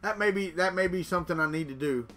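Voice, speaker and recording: A man's voice: high-pitched, fast talker, bright, forceful tone, faint music behind. A man hosting a casual livestream, chatting and joking with viewers as he reads their comments aloud. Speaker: livestream host. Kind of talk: casual live chat with viewers.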